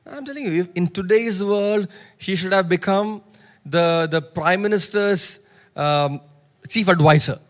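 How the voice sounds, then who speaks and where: High-voiced, emphatic male preacher. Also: unhurried, a bit bright. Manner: emphatic, repeats lines, calls for audience response. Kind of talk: sermon.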